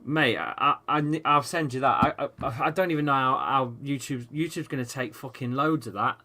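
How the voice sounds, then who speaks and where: A man with a mid-range voice talks at normal speed as he hosts a live football watchalong stream. He swears freely, rants excitably at the match, and reads out what viewers post in chat.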